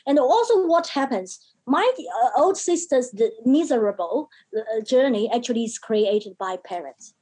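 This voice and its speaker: A woman guest recounting her childhood in earnest, halting non-native English with many restarts. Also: fairly high pitch, animated, dark tone, breathy edge. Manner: acts out quoted voices from her childhood. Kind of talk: personal storytelling in an interview.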